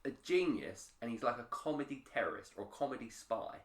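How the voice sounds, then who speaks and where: A man's voice: mid-range voice, animated, fast. A man co-hosting a casual film podcast, rambling and interrupting himself, swearing casually. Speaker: podcast co-host. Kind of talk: casual chat. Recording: roomy echo.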